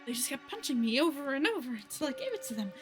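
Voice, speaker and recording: A woman's voice: sits high, big pitch swings, fast, music in the background, voice pushed up. A woman voicing a meek, fidgety man who sleeps in a hole in the wall, talking sheepishly.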